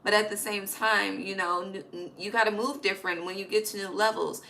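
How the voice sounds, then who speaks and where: Woman, tarot reader, bright voice, blunt and slangy, chatty at home at night. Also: medium pitch, steady tone, brisk, a little hiss or hum, low-quality recording. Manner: emphatic, swears freely, slangy asides. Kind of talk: casual spoken tarot reading.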